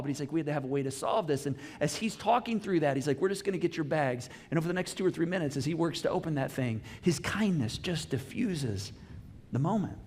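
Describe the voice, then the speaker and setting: A middle-aged man preaching a sermon, telling a story with lively acted-out dialogue in a church auditorium. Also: high voice, brisk. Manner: animated storytelling, acts out dialogue. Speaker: pastor. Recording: long hall reverb.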